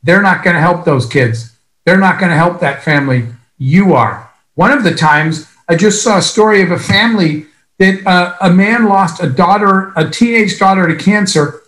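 A man giving an earnest, emphatic motivational speech at a business event, telling stories with long pauses. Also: high voice, a bit bright, reverberant, poor audio.

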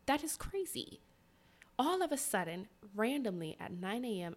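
A woman hosting a podcast, casually telling a personal story in an animated, dramatic way and speaking directly to her listeners. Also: fairly high pitch, normal speed. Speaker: podcast host.

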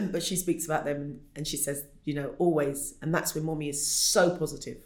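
A woman's voice: low voice, fairly even intonation, moderate pace. A middle-aged woman, an Olympic athlete, telling stories animatedly as an interview guest and acting out quoted voices. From United Kingdom. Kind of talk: conversational interview. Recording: roomy echo.

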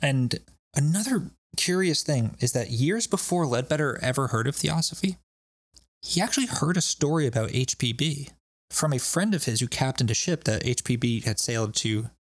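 Husky and expressive, this man's medium-pitched voice carries a podcast host's loose storytelling at a moderate pace. He laughs and swears plenty in a casual chat, recorded in studio quality with no room sound.

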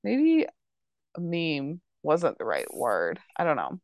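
Chatty woman with a lively, lowish voice. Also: slow pace, dry recording. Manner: chatty, full of "like" and "um" fillers. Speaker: podcast host. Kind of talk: casual chat recapping a TV episode.

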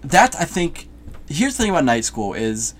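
A man's voice: on the high side, sing-song, moderate pace. A man co-hosting a casual movie review chat, rambling, laughing easily and trailing off mid-sentence. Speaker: podcast co-host reviewing a movie.

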